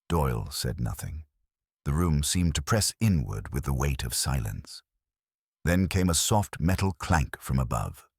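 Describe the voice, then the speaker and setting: Very deep male narrator, dramatic audiobook reading, dry close recording. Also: very animated, unhurried, husky, no room sound.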